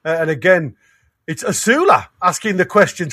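Excitable high-voiced fan commentator. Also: male voice, no echo, studio quality. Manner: excitable, rapid, restarts sentences. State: losing his voice. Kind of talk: partisan live match commentary.

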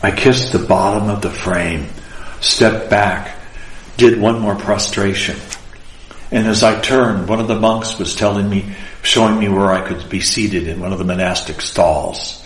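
Orthodox priest, man, unhurried earnest storytelling, echoey room. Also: lowish voice, steady tone. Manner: slow, deliberate, earnest and emotional. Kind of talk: personal spiritual storytelling. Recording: roomy echo.

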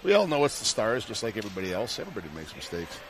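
A man's voice: fairly low pitch, sing-song, very fast, gravelly, slight background noise. A man guest, a hockey coach, chatting casually with blunt dry remarks. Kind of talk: casual chat.

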